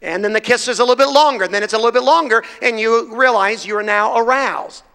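A man's voice: very high voice, fast talker, gravelly, bright, forceful tone, clean tone. A man preaching a sermon to a congregation, fervent and emphatic, his voice rising in bursts as he presses his points. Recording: reverberant hall sound.

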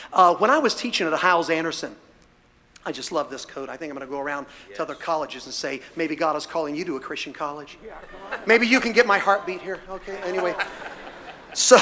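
High bright preacher guy, fired up and emphatic, big echoey church hall. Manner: fervent, emphatic preaching with rising bursts. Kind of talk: sermon. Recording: reverberant hall sound.

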